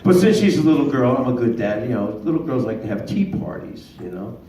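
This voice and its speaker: A man's voice: mid-range voice, sing-song, a little fast, crowd noise. A man in his fifties doing a stand-up comedy set, with punchy joke delivery and voiced characters. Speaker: stand-up comic. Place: small comedy club stage. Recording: echoey room, distant mic, faint noise.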